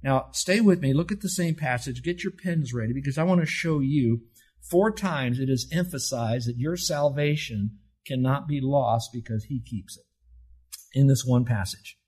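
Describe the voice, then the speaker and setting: A man's voice: mid-range voice, moderate pace, darkish tone, breathy edge. An older man preaching a sermon, asking questions and answering them himself, with emphatic, rising delivery. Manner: emphatic, asks and answers his own questions. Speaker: pastor.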